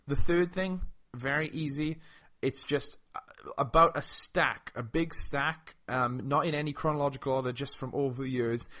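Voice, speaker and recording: A man in an easygoing podcast chat, pitched squarely in the middle of a man's range. He teases his co-host and laughs often between rambling, restarted sentences. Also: moderate pace, few pauses, sharp tone. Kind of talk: casual chat.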